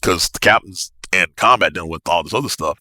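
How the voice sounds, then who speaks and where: A man, a navy officer, telling a story as a podcast guest in an animated, excitable way with bursts of laughter. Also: deep voice, quick pace, no echo. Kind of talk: casual storytelling.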